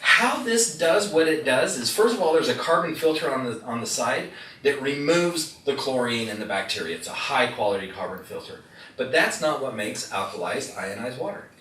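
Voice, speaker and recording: Folksy man pitching to a crowd. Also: expressive, normal speed, pushed and bright. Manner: folksy storyteller who quizzes the crowd. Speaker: product demonstrator. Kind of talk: live sales demonstration to an audience. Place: indoor room with audience. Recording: echoey room, distant mic, faint noise.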